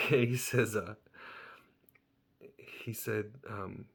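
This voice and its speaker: Gravelly low-voiced man telling his story. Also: fairly even intonation, slow, pauses often, fairly bright tone. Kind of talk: personal storytelling to camera.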